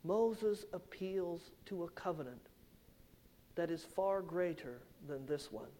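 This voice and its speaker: A man preaching a sermon, slow and emphatic, swelling louder on key points and dropping low and soft at the ends of phrases. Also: expressive. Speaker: pastor.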